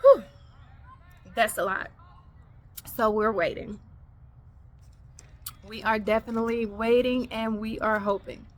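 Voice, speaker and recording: A woman hosting a podcast, telling a personal faith story in an animated way, acting out the dialogue. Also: a little high, takes it slowly, long pauses. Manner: animated, acts out quoted dialogue. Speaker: podcast host.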